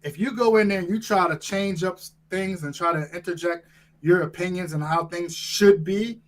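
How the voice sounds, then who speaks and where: A firefighter trainer appears as a guest on a casual podcast, speaking directly and emphatically and frequently checking in with "right?" His voice sits high at a moderate pace, and the audio is poor.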